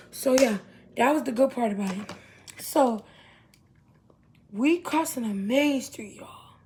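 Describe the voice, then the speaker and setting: A young woman chats through a storytime vlog in a slightly high voice. She rambles, restarts her sentences and keeps calling out to her viewers. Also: dark tone, slight background noise. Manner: chatty, addresses viewers as y'all, rambling with restarts. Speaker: vlogger. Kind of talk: casual storytime.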